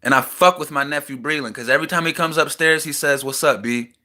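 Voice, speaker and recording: A young man in a small house, venting a raw personal rant that swings between heated outbursts and quieter reflection. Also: a little high, fast. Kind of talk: emotional personal rant to camera.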